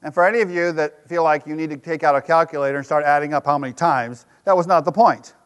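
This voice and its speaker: A preacher with a high, ringing voice tells a story in his sermon, emphatic one moment and hushed the next. His words carry a long reverb that fills a church hall. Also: fast talker, smooth. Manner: storytelling, emphatic with sudden drops to a hush. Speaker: pastor.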